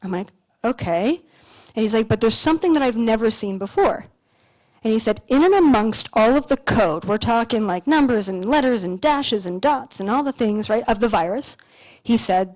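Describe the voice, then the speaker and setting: A woman from Canada in her thirties telling a story on stage in a casual, animated way, full of "like" and the odd swear word. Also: on the high side, normal speed. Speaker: speaker on stage. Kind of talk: motivational stage talk with storytelling. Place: stage at a large expo hall.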